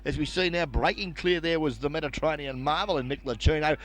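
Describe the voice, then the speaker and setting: A man's voice: fairly high pitch, fast talker. An Australian man co-commentating a country football match, chatty and opinionated about the play.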